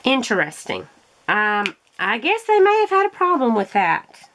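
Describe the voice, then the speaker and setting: Chatty woman with a higher voice. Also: huge pitch swings, a little slow, noisy background. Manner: chatty, laughs often, storytelling. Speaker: craft vlogger. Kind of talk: casual chat while crafting.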